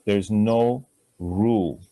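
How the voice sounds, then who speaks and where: A man's voice: fairly low pitch, drawn-out words, warm tone. A man teaching a live Sanskrit class, chatty and asking students to repeat sounds after him.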